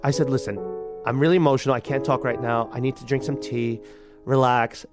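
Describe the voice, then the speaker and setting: A man in his thirties telling a personal story, animated and acting out the people he quotes. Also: mid-range voice, brisk, over music. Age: 30s. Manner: animated, acts out quoted voices. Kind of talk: personal story told to a radio audience.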